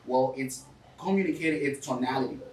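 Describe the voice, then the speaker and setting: A man's voice: mid-range voice, a little fast, a little mellow, reverberant, far from the mic, slight background noise, poor audio. A man with a foreign accent, English not his first language, talking energetically in a casual interview and coaching listeners, often calling people dude and bro. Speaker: real estate investor guest.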